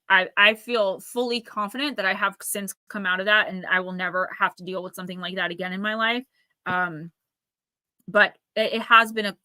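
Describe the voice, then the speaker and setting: A New Jersey woman in her forties leads a live-streamed intuitive reading in a bright, pushed mid-range voice, with no echo. Talkative throughout, she speaks to viewers by name and throws in rapid asides.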